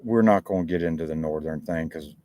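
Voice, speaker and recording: A man's voice: very deep voice, fairly quick, warm tone, no room sound. A man with a Southern American accent hosting a rambling, casual live talk show, chatting informally with frequent restarts. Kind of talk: casual live-stream chat. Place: outdoors, chilly.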